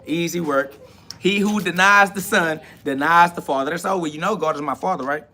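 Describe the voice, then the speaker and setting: Bright-voiced swaggering man preaching to chat. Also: fairly high pitch. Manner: swaggering, slangy, talks back to chat comments. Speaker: livestream host. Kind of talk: casual preaching monologue.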